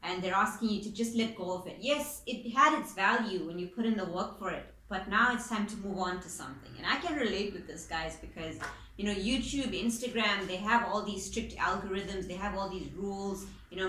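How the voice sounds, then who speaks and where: A woman gives a relaxed, chatty tarot reading in an informal way, now and then letting a swear word slip. Her voice sits at an ordinary middle pitch. It rings in an echoey room over a faint hum of ambience. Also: a little fast. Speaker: tarot reader. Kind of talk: casual spoken tarot reading.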